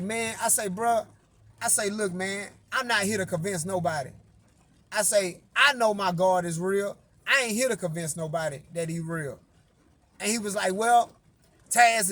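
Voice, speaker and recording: A man telling a long story in a casual monologue, acting out each exchange of dialogue in an animated, profane way. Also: sits high. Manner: animated, profane retelling that acts out quoted dialogue. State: tired after little sleep. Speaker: music artist and vlogger.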